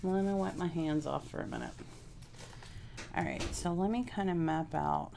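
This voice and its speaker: A craft vlogger from Houston, Texas chats casually with live viewers as she works on a craft project and thinks aloud. Her deep voice is gravelly and dark-toned at normal speed, with a little hiss or hum in the recording.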